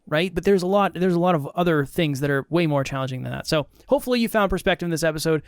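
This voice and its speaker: Upbeat podcast guy wrapping up the show, kinda high voice, dry close mic. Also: expressive, fast talker, few pauses, smooth, no room sound. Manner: upbeat, playful wrap-up talk. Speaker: podcast co-host. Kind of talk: casual chat.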